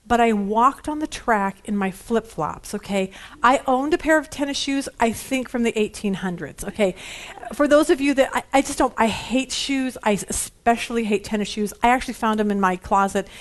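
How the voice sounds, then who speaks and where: A woman, teaching a Bible study in a chatty, storytelling way. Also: on the high side. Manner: chatty, animated storytelling with frequent "okay?". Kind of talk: casual teaching with personal stories.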